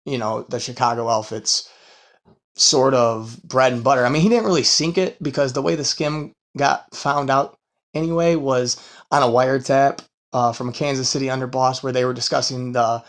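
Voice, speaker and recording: A man's voice: medium pitch, normal speed. A man hosting a casual true-crime podcast, rambling and swearing between fillers, tired from a long work week. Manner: rambling and profane, full of fillers and laughs. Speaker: podcast host.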